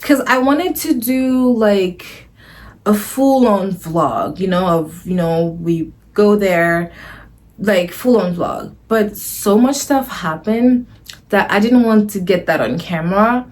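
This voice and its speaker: A woman talks straight to the camera in a relaxed storytime vlog. She gushes and rambles, circling back and restarting her sentences as she goes. Her pitch sits in the middle range. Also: takes it slowly. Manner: gushing and rambling, often restarting phrases. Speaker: vlogger.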